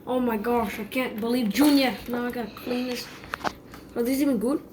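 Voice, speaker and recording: A woman voicing a short-tempered male chef who mutters to himself and bursts into yelling. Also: fairly high pitch, moderate pace, natural voice. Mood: grumbling. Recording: background music. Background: music.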